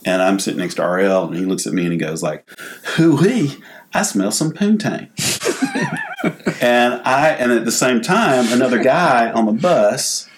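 A man's voice: mid-range voice, a little fast, hardly any pauses. A man with a Southern US accent telling funny stories on a casual podcast, laughing as he talks. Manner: drawling, laughs through his stories. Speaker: podcast host. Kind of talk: casual storytelling chat.

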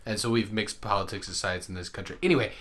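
A man's voice: lowish voice, fast talker, crowd noise. A man co-hosting a podcast in casual, joking chat, laughing often. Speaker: podcast co-host.

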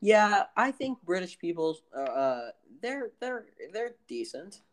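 A young man with a lively, bouncing voice that swings up and down as he talks. He stammers and hesitates through a loose podcast chat and laughs easily. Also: high voice, measured pace. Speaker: podcast co-host. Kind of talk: casual joking chat.

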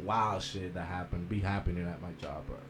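A man's voice: sits low, fairly quick, background noise. A young man co-hosting a casual podcast, telling work stories in profane slang, tagging "bro" onto his lines. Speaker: podcast co-host.

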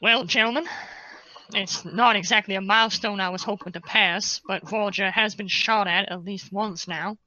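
Woman playing a composed male starship captain, formal and measured, bright voice, dry dull lo-fi sound. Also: medium pitch, fairly even intonation, no echo, close to an everyday voice.

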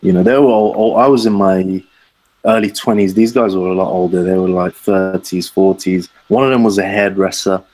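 A man's voice: sits low, fairly even intonation, moderate pace, a little mellow, low-quality recording. Slangy man telling a story. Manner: rambling, slangy, acts out the voices of the people in his story. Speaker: podcast guest storyteller. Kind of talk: casual anecdote telling.

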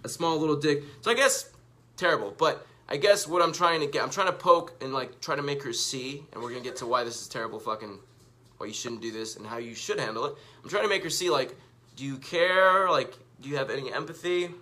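A man with a bright, forceful voice tells a story in a casual, candid way and reads out old posts. He swears freely and mocks himself, and his pitch sits right in the middle. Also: animated, a little fast. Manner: candid, profane, self-mocking. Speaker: vlogger. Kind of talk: casual storytelling, reading out tweets.

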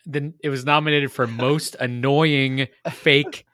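A man's voice: medium pitch, fairly even intonation, takes it slowly, bright, forceful tone, dry recording. A man co-hosting a casual movie review chat, musing aloud with dry humor. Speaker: podcast co-host.

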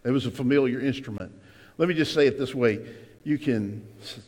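A man preaching a sermon to his congregation as pastor, emphatic, with sudden loud cries and asides to the room. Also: medium pitch, brisk. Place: church sanctuary. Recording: long hall reverb.

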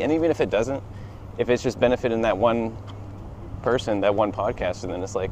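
A man's voice: lowish voice, quick pace, a little mellow, a little hiss or hum, poor audio. A man talking as a podcast guest on an outdoor walk, easygoing and hesitant, laughing often. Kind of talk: casual walk-and-talk chat.

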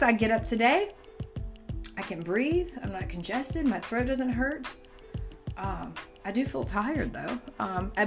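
A middle-aged woman hosting a podcast, talking in a casual, emphatic, preachy way about faith and fitness. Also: mid-range voice. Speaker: podcast host. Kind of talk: casual motivational podcast talk.

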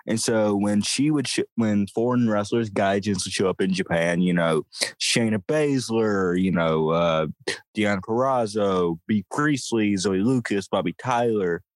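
Low-voiced man telling background, dry sound. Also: unhurried, no room sound. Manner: knowledgeable, dry sarcastic streak. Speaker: podcast co-host. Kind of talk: casual chat.

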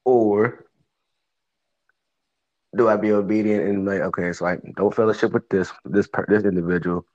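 A man's voice: lowish voice, steady tone, normal speed, pauses often, darkish tone. A man co-hosting a casual faith talk, musing aloud in rhetorical questions. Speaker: co-host. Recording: dull lo-fi sound.

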